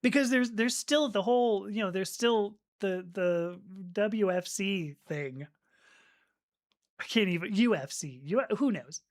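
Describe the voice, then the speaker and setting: A woman's voice: medium pitch, unhurried. Chatty woman hosting a live stream. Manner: chatty and reflective, frequent fillers and restarts, laughing along. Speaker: livestream host reading viewer comments. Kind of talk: casual live-stream chat.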